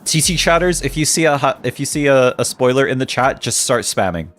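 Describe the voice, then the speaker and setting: A man's voice: medium pitch, animated, fairly quick, a bit bright. A man live-streaming a game, chatting casually with his viewers in a playful, teasing, mock-dramatic way.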